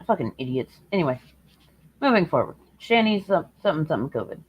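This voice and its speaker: A woman's voice: low-pitched, sing-song, fast, slightly rough. A woman hosting a livestream, chatting casually with viewers, sarcastic and swearing a lot as she rants. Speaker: livestream host. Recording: dull lo-fi stream audio.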